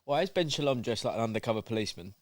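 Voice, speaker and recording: A man's voice: medium pitch, expressive. A man hosting a casual fight watchalong, teasing his friends and laughing often. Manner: joking, teasing, quick laughs. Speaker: host.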